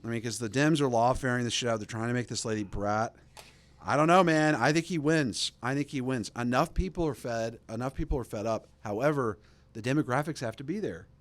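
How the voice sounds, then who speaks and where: A man's voice: medium pitch, fairly quick, no echo. A young man hosting a podcast, ranting casually and sarcastically, rambling with lots of fillers and mocking impressions. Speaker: podcast host. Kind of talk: casual political rant.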